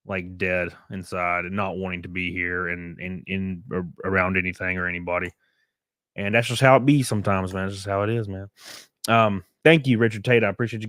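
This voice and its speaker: A man's voice: on the low side, fairly bright tone, dry recording, clean studio sound. A young man, chatting live on a stream and reading viewer comments in a blunt, profane, rambling way full of fillers. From American South.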